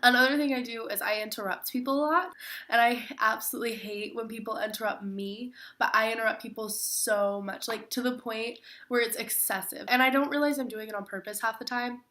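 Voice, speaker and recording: A woman's voice: a little high, steady tone, brisk, bright, forceful tone. Stuffy-nosed teen girl vlogging. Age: teens. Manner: self-mocking, says "like" constantly. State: sick, stuffy. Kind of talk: casual chat.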